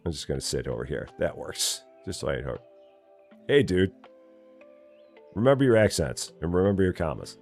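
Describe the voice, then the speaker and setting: A man's voice: moderate pace, creaky, pauses often, soft background music. A man chatting casually and joking as he live streams a store simulator game, rambling and laughing. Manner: jokey, rambling, laughs often, lively swings in pitch.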